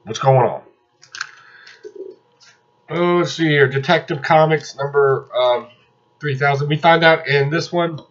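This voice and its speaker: A man casually reviewing comic books, ranting sarcastically and exasperatedly about the ones he dislikes. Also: medium pitch. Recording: slightly dull lo-fi audio.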